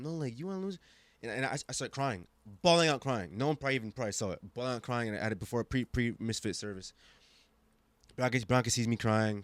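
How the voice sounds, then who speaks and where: A man in his twenties from Germany, guest on a podcast, telling a story with emphatic, animated delivery and many restarts. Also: medium pitch, no echo. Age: 20s. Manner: animated, emphatic, acts out quoted voices, frequent restarts. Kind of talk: casual storytelling conversation.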